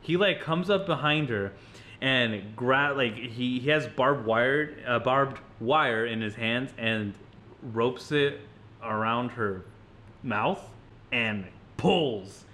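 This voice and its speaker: A man co-hosting a podcast, retelling a horror movie in casual, animated chat with frequent swearing and laughter. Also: mid-range voice, takes it slowly. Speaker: podcast co-host.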